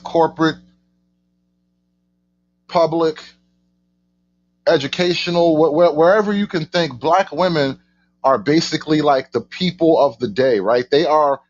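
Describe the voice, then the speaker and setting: A man's voice: fairly high pitch, dull audio, a little hiss or hum. A man hosting a casual reaction commentary, stumbling over and repeating his words, with mock outrage and sarcasm. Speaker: host of a political commentary channel.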